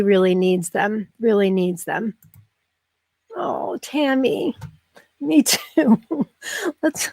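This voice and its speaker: A woman's voice: a little high, no echo. Woman, middle-aged, live show host, casual chatty delivery, effusive, dry close sound. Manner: warm, effusive, emotional, chatty with many ums. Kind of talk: casual live broadcast chat.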